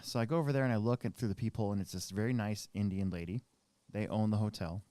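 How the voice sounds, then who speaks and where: A man's voice: lowish voice, fast talker, warm tone, no room sound. A man in his thirties hosting a podcast, telling a long rambling story in casual chat with many restarts. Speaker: podcast co-host.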